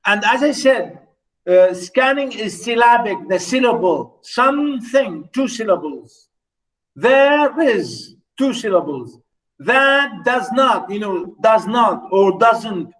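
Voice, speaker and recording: Male lecturer with a high voice, repeats points and quizzes the class; recorded from across the room. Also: expressive, takes it slowly, fairly bright tone. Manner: repetitive, rhetorical questions, many "you know"s. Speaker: literature lecturer. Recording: voice from far off the mic.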